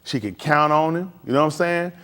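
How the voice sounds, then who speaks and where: A man's voice: fairly high pitch, fairly quick, fairly bright tone, long reverb tail. A middle-aged man, a preacher, giving casual advice on a live stream, telling stories in vernacular and laughing as he goes.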